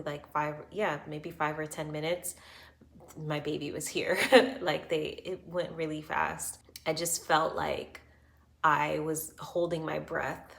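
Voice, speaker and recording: Speaking to camera, a woman in her thirties shares her birth story in a low, fairly bright voice. She's earnest and reassuring, uses many fillers, and sounds close to tears.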